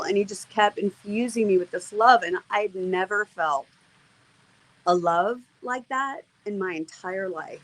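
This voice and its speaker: A woman's voice: mid-range voice, moderate pace, rough recording. Earnest woman telling an emotional testimony. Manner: earnest, emotional storytelling with many fillers. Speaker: interview guest. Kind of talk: personal testimony in conversation.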